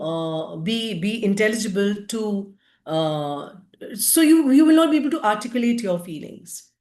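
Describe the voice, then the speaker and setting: A woman's voice: medium pitch, darkish tone. A woman giving a lecture-style book review, often hesitant with fillers and restarts. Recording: roomy echo.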